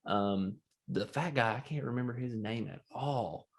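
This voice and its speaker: A man co-hosting a podcast. He talks in a loose, rambling way, stacks up stories and laughs as he tells them. His voice sits at an everyday middle pitch. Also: unhurried. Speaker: podcast co-host. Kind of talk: casual chat.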